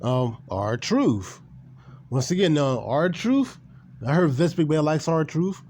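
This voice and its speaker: A man's voice: on the high side, very animated, takes it slowly, a little mellow, slight background noise. A man ranting casually and with animation about wrestling, swearing and repeating himself. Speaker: gaming and wrestling commentator. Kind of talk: casual opinion rant.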